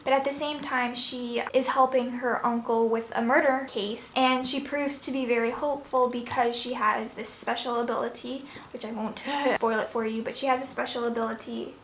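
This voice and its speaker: A woman's voice: a little high, level tone, normal speed, hardly any pauses. A young woman from New York chatting casually through a book review, rambling and correcting herself with little laughs. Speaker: book vlogger. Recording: echoey room, faint noise.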